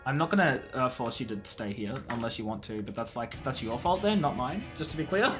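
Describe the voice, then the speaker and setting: A man's voice: mid-range voice, animated, brisk, music in the background. A man chatting playfully with his viewers on a live stream, laughing often. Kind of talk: casual live-stream chat.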